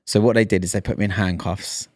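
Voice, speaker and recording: A man's voice: fairly low pitch, fairly even intonation, fast talker, dry recording, clean studio sound. A man in his thirties, a podcast co-host telling a story in casual chat and acting out the lines he quotes.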